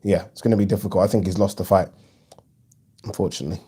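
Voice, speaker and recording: A man's voice: low-pitched, steady tone, fast talker, warm tone, husky. A man hosting a live boxing watch-along, chatting casually and frankly, reading viewers' comments with plenty of ums. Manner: chatty, frank, swears freely, frequent ums.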